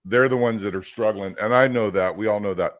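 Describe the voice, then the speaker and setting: Energetic low-voiced man telling a story. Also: fairly quick. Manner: energetic storyteller, acts out quotes. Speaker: podcast co-host. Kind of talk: casual chat.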